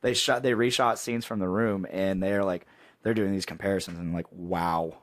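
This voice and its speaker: A man's voice: low-pitched, fairly even intonation, normal speed, no room sound. Dry rambling male podcast host. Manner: rambling, laughing, many restarts. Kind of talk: casual chat.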